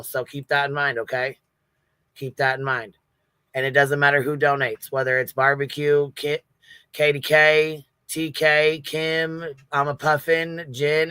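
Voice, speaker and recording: Guy hosting a stream, bright punchy voice, cussing nonstop, super dry sound. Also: medium pitch, clean tone, no echo. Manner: blunt, swears constantly. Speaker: livestream host. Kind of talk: profane casual commentary.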